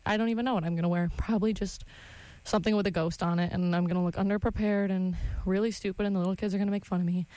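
A woman's voice: medium pitch, a little mellow, clean tone, no echo. A young woman hosting a college radio show, chatting casually and laughing often. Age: young adult. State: out of breath. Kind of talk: casual chat.

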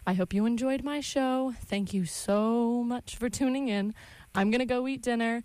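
A woman's voice: on the high side, moderate pace, darkish tone, dry recording. A young woman hosting a college radio show, chatting casually and laughing often. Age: young adult. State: out of breath. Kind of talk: casual chat.

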